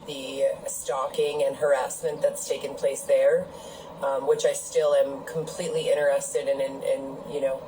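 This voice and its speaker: A woman giving a calm, formal statement in measured, even tones. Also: rumbling low. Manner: measured, level delivery. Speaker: person in a played clip. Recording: noisy played-back clip.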